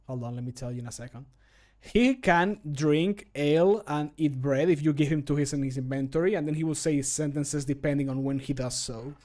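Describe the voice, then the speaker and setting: A man streaming casually as he records game voice lines, playful and chatty, laughing often, close to a home microphone. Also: on the high side. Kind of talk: casual live-stream chat.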